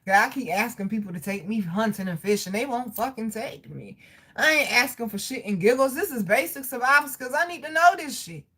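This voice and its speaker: Bright, animated woman on a livestream. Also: a little high, fairly quick, breathy edge. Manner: animated, profane, frequent laughter, addresses viewers. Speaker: livestream host reading chat. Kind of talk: casual livestream chat.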